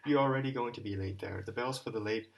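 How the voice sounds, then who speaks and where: A man's voice: fairly low pitch, fast, very noisy, close to an everyday voice. A man reading aloud voices a proud, impassioned young woman in an audiobook, speaking in intense declarations. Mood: curt.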